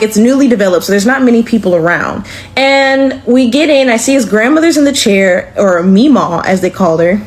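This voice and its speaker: Animated young woman telling a story. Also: a little high. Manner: animated, swings into character voices. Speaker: storyteller in a short clip. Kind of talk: casual storytelling.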